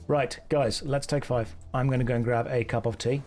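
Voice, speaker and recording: A young man chats through a game live on stream, cracking dry, sarcastic jokes as he plays. His voice sits at an ordinary middle pitch for a man. Faint music runs quietly behind him. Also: fairly even intonation, moderate pace, hardly any pauses. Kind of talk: casual live game commentary. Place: warm indoor room.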